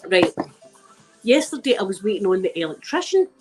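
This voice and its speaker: A woman's voice: medium pitch, big pitch swings, normal speed, a little mellow, soft background music. An older woman with a Scottish accent, chatting and telling funny stories straight to her viewer, laughing as she goes. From Scotland. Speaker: ASMR vlogger. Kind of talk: casual storytelling to camera.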